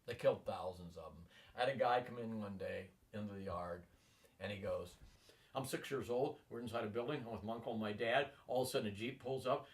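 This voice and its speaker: An interviewee in his sixties, with a lowish voice and a slightly quick delivery, sits far from the microphone. He rambles through long personal stories with animation, imitating the voices of people he quotes.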